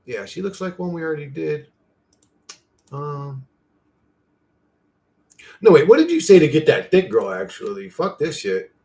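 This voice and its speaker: A man with a fairly high, gravelly, slightly mellow voice chats casually to himself on his channel while using an image generator. He's very animated but measured in pace, leaving long pauses, and his talk is loose and profane.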